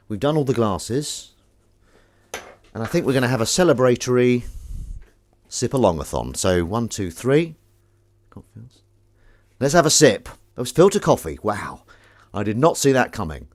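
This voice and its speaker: A man's voice: mid-range voice, big pitch swings, a little slow, long pauses. A man chatting casually while he does the washing up, rambling, jokey and self-mocking, with the odd swear word. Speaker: host doing the washing up on a live stream.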